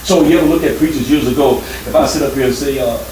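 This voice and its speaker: A man preaching a guest sermon, animated and playful, breaking into song, shouts and laughter. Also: mid-range voice, quick pace, a little hiss or hum. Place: church sanctuary. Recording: echoey church hall, mic at a distance, congregation. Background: congregation responding.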